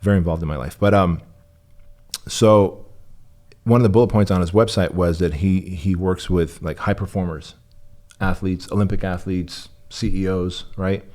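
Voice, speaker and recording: A man's voice: low-pitched, steady tone, moderate pace, a little mellow. A man from Armenia, the guest in an interview, telling his story bluntly and with profanity. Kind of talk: candid interview talk.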